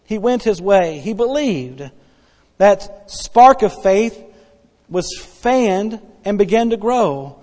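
A man in his forties preaching a sermon, repeating key phrases and drawing out Bible verses slowly. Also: high voice, animated, a little mellow, long reverb tail. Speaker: pastor.

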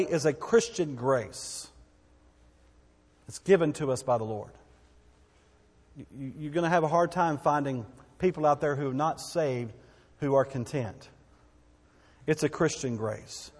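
A man's voice: fairly high pitch, big-room sound. A man preaching a sermon as a pastor, in a conversational, folksy way with asides and repeated phrases.

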